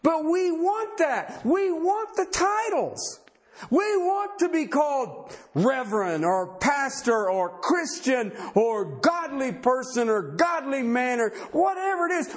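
A man's voice: extremely high pitch, expressive, a little slow. A man preaching a sermon, talking conversationally and emphatically and firing rhetorical questions at the congregation.

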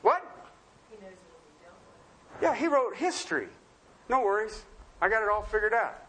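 A man's voice: high-pitched, very animated, a little slow, sharp tone, breathy edge. A man preaching a sermon in a folksy, joking way, often asking the congregation questions.

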